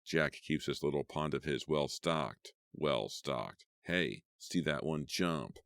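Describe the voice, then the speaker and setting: A man voicing a cruel, jovial middle-aged killer who taunts his captives in a low, menacing way. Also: animated, takes it slowly, vocal fry, fairly bright tone, no room sound, studio quality, heavily acted. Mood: taunting.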